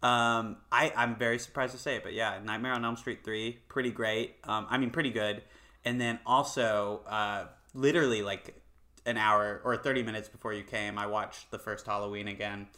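A man's voice: on the low side, steady tone, normal speed, sharp tone. A young man co-hosting a podcast, chatting casually in a rambling way, with many fillers and casual swearing. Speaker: podcast co-host. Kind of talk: casual chat.

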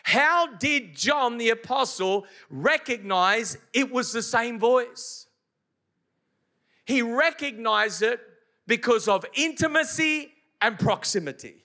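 A pastor preaches to his church with a very high pitch and a bright, forceful tone. He drives points home with emphasis and often puts questions to the congregation. A man's voice, ringing out in a live sermon. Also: lively intonation, slow pace. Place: church service before a congregation.

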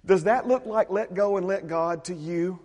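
High-voiced preacher in a ringing hall. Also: male voice, normal speed. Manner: emphatic preaching, repeats phrases, drops to a hush. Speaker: pastor. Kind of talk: sermon.

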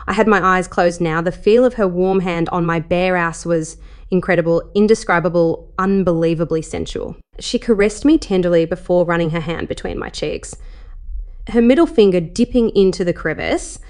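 A woman narrating a first-person erotic story in a soft, intimate delivery with breathless rises. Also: on the low side, normal speed.

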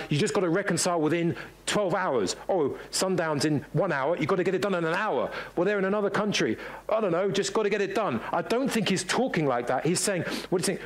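A man preaching a sermon in a conversational, searching way, his voice sitting a little higher than most men's. He stops and restarts often and acts out short quotes as he goes. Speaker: pastor.

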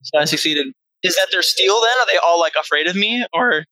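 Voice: medium pitch, a little fast, bright, forceful tone, no room sound, poor audio. A player in a tabletop game, speaking eagerly and exclaiming about the rolls. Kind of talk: casual tabletop play.

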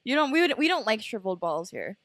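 A young woman hosting a casual podcast, excitable and goofy, laughing a lot. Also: a little high, quick pace, no room sound. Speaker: podcast host.

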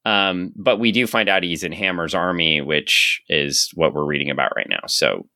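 Low, bright-voiced sarcastic man. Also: no room sound, studio quality. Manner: sarcastic, excitable, quick to laugh. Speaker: podcast co-host. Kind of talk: casual comic book chat.

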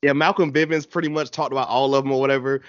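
A man co-hosting a casual wrestling chat, animated and slangy, laughing often. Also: mid-range voice, fast talker, no room sound, highs cut off. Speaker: podcast co-host.

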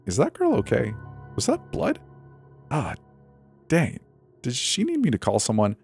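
A man's voice: medium pitch, wildly swooping pitch, a little slow, gravelly, darkish tone, faint music behind, voice pushed up, exaggerated voice. A man voicing the nervous, stammering inner thoughts of an anxious young graduate. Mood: fretful.

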